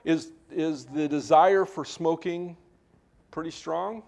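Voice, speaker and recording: A man's voice: on the high side, slow pace, vocal fry, a little mellow. A male pastor preaching a conversational sermon, informal, with frequent restarts and joking asides.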